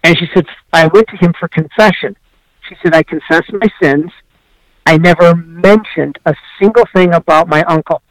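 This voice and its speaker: A priest recounts a moving story in an interview, his voice a little high for a man. He acts out each quoted exchange earnestly. The sound is close and dry. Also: normal speed, dry recording, low-quality recording. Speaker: priest and author.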